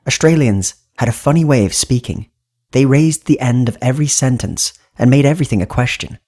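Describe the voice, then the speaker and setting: A man reading a horror audiobook as narrator, in steady, even storytelling. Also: medium pitch, a little fast. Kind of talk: scripted narration.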